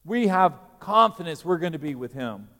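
A male pastor, preaching a sermon that swings from loud, emphatic peaks to quiet, low asides. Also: very animated, moderate pace, in a large hall.

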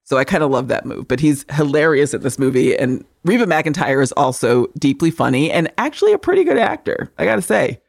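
Low-voiced, foul-mouthed woman podcaster. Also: fairly quick, creaky, hardly any pauses. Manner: swears freely, animated recapping. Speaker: podcast co-host. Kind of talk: casual movie recap chat.

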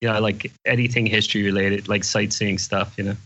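Bright-voiced older male guest. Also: fairly low pitch, flat delivery, fast talker, dull audio. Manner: easygoing, plain-spoken. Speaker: guest investor. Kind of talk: casual interview chat.

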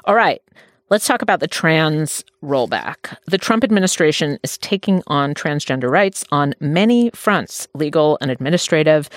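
A woman's voice: sits low, no room sound, clean studio sound. A woman hosting a podcast in a casual, chatty way, laughing easily. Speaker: podcast host.

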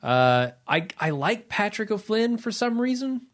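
A man's voice: high-pitched, big pitch swings, a little slow. A man in a casual film chat, easygoing and agreeable, often hesitating.

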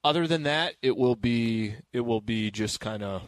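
A man's voice: medium pitch, normal speed, no room sound. A man co-hosting a sports radio show, talking casually and reading a live ad. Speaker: radio co-host. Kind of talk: casual chat and live ad read.

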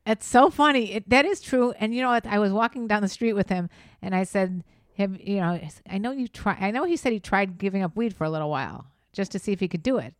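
A woman's voice: mid-range voice, quick pace, no echo, clean studio sound. A middle-aged woman, a mother, co-hosting a casual chat, teasing and laughing often. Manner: teasing, laughs a lot, lively. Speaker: podcast co-host, mother.

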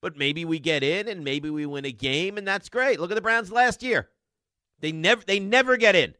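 A man hosting sports talk radio, animated and sarcastic as he rants. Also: high-pitched, moderate pace, clean tone, dry recording, clean studio sound.

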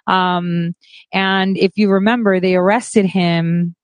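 A woman's voice: lowish voice, fairly even intonation, takes it slowly, no echo. A woman hosting a stream, commenting casually on clips with frequent laughter and restarts. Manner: giggly, laughs often, trailing restarts. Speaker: streamer host.

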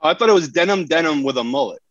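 A man's voice: fairly high pitch, animated, racing, no room sound, lo-fi sound. A man competing as a contestant on a podcast game show, rambling and self-mocking. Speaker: contestant, pro gambler. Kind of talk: casual game show banter.

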